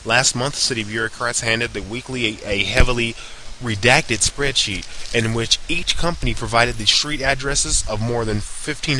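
A man's voice: mid-range voice, pushed and bright, slight background noise, low-quality recording. A man reading a news article aloud with sarcastic asides of his own, often stumbling over words and correcting himself as he goes.

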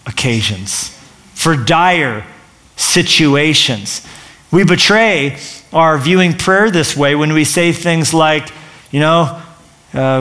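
A male pastor giving an energetic, conversational sermon in a church, full of asides and quick restarts. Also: a little high. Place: church stage.

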